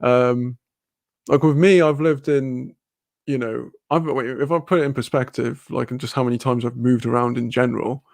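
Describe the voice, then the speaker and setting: Laid-back Welsh man with a gravelly voice. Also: medium pitch, steady tone, moderate pace, darkish tone, no echo. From Wales. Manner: laid-back, swears freely, laughs often. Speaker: livestream host. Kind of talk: casual chat reading viewer comments.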